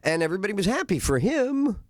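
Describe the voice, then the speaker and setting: Middle-aged man, radio host, storytelling monologue, animated pitch, dry studio mic. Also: fast, no echo. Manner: animated, acts out other voices in his anecdotes; frequent "uh" fillers.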